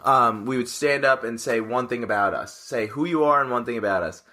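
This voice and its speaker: A young man with a mid-range, bright voice talks in an easygoing way on a casual podcast. He laughs easily as he goes. He sounds relaxed with his friend. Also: mid-range voice, brisk. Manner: laid-back, laughs often. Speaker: podcast co-host. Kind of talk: casual chat.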